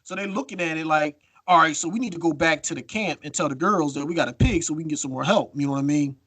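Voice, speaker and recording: Animated man telling a story, dry close sound. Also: fairly high pitch, fast talker, breathy edge, no room sound. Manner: animated storytelling, acts out quotes, swears freely. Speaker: podcast co-host. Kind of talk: casual chat.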